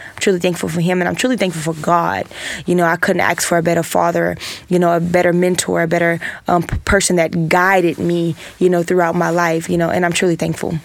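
A woman in her twenties, an interview guest, speaking earnestly with a gravelly voice and many fillers. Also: lowish voice, dry recording. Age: 20s.

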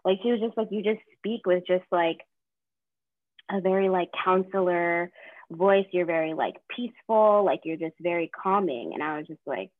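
A young Southern American woman, a counseling graduate student, co-hosts a casual podcast, chatty and full of fillers as she vividly retells quotes. Her slightly low voice moves at a moderate pace, and the dry recording sounds thin and phone-like with no room sound.

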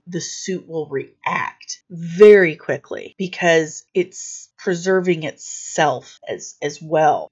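A woman's voice: lowish voice, lo-fi sound. A woman recapping a comic book story in a casual, playful vlog, full of silly asides.

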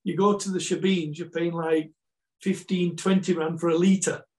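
Man, Yorkshire Scottish accent, football coach guest; rambling, self-repeating delivery, a touch high-pitched. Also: level tone, normal speed, darkish tone, low-quality recording. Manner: rambling with many repeats and restarts. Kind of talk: casual chat, storytelling.

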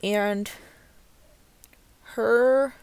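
A woman's voice: fairly high pitch, fairly even intonation, drawn-out words, darkish tone, smooth, no room sound. A young woman telling a candid storytime vlog from inside her car, swearing freely and filling her talk with "like.". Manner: candid, sweary, full of "like" fillers. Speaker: vlogger. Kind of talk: casual storytime chat.

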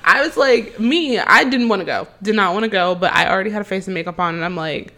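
A young woman co-hosting a podcast tells a dating story quickly in a medium-pitched voice. She's casual and animated, acting out the quotes and laughing often.

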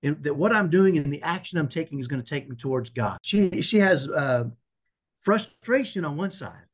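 A man's voice: a little high, expressive, moderate pace. A man speaking as a guest in a faith interview, earnest and emphatic, often repeating himself as he makes his point. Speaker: podcast guest.

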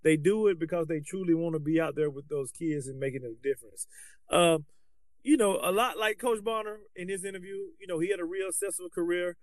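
High-voiced man chatting on a podcast. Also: fairly quick, no echo. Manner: animated, colloquial, restarts often. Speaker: podcast co-host, basketball coach. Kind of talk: casual podcast chat.

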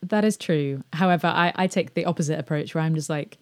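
Woman, lowish voice, podcast host, hesitant and giggly in loose conversation. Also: fairly quick. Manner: hesitant, laughs often, many fillers. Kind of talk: casual conversation.

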